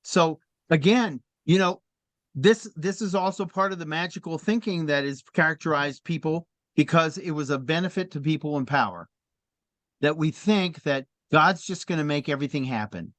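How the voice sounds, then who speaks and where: A middle-aged man telling stories in a conversational talk, animated and laughing often as he speaks. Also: on the high side, normal speed, no room sound. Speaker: speaker in a faith discussion.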